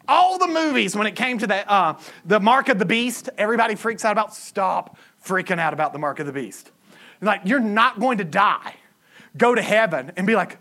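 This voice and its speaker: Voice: mid-range voice, big pitch swings, normal speed, pushed and bright. A pastor preaching a humorous sermon to a congregation, acting out quoted voices. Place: church service with a congregation.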